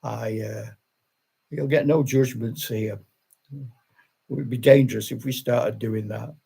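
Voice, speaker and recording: An older retired man hosts a relaxed live chat, rambling and restarting his sentences with plenty of easy laughter. His voice is gravelly, with a husky edge. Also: medium pitch, measured pace. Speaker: channel host.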